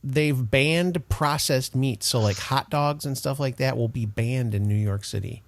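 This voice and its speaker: A man co-hosting a podcast, chatting casually in an animated, emphatic way and laughing often. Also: mid-range voice, measured pace, no echo. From Detroit. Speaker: podcast co-host. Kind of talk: casual chat.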